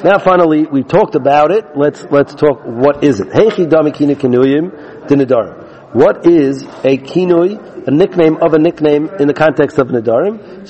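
Male Talmud teacher, slightly high voice, reads then explains, muffled lo-fi audio. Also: warm tone. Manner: reads Aramaic lines, then explains in English. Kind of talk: Talmud class lesson.

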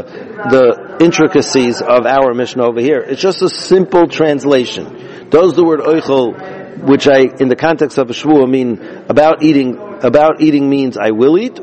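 A man's voice: fairly high pitch, darkish tone, low-quality recording. Man patiently teaching a Talmud passage. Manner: explains step by step, mixes Aramaic and Hebrew phrases into English, repeats himself.

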